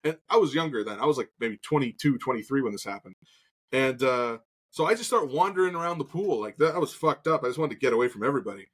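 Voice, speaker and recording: A man's voice: medium pitch, animated, fast talker. A man in his thirties co-hosting a casual talk show, telling a story with lots of swearing and acted-out quotes. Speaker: podcast co-host.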